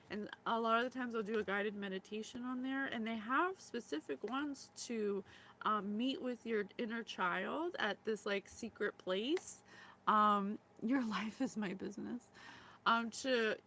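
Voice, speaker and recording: A woman's voice: on the high side, pushed and bright, a little hiss or hum, poor audio. A woman in her thirties, from the former Yugoslavia, hosting a psychic reading in a casual, emotional way with many fillers. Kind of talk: casual spiritual reading talk.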